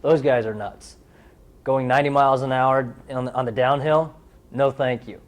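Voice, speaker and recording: A young man in his twenties speaks in an easygoing interview tone, mid-pitched and unhurried. He talks candidly about his sport, slipping into playful anecdotes now and then. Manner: relaxed, candid storytelling with playful bits. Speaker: athlete interviewee. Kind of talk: casual interview talk.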